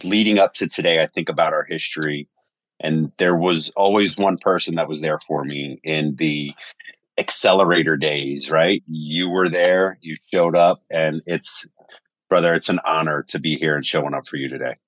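A man's voice: extremely low pitch, moderate pace, no room sound. A man telling stories animatedly in a casual podcast conversation, cursing freely. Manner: animated storyteller, swears casually. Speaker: podcast guest.

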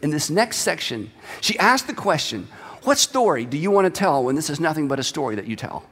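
A male pastor delivers a sermon with a lively, high voice that swoops up and down as he acts out the scripture. His reading is dramatic and expressive. The sound rings with the long reverb of a large hall. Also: a little fast.

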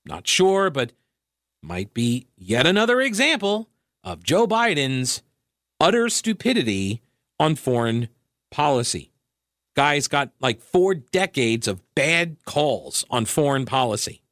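A man's voice: medium pitch, sing-song, slow, a bit bright, no room sound, studio quality. A man from New York hosting a political talk radio show, delivering a sarcastic, conversational monologue full of asides and self-corrections.

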